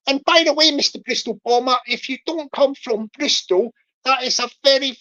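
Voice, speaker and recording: A woman's voice: fairly high pitch, lo-fi sound. Rambling woman livestreamer. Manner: rambling, repetitive, theatrical shout-outs. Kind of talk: casual livestream chat.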